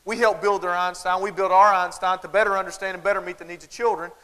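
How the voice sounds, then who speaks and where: A man with a Southern American accent delivers a funny keynote to a big conference audience, speaking to them directly in a folksy, animated way. His voice is high, clear and resonant, and he talks fast. The recording is rough.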